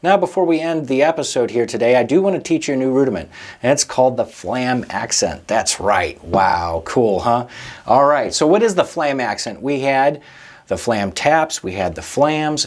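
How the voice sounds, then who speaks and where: A man teaching a drum lesson in a patient, encouraging way, often checking in with the listener. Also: mid-range voice. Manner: casual, checks in with frequent "okay?" and "right?". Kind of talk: instructional explanation.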